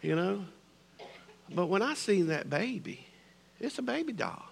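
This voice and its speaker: A middle-aged man with a Southern American accent preaching a sermon, swinging between loud declarations and hushed near-whispers. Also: high-pitched, sing-song, unhurried, gravelly, slight background noise. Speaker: pastor.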